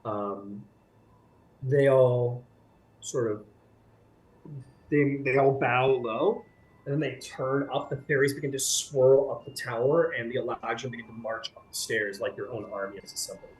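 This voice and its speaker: A man's voice: mid-range voice, fairly even intonation, a little slow. A man narrating a tabletop game as game master in a casual, rambling way full of fillers. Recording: echoey room with faint music.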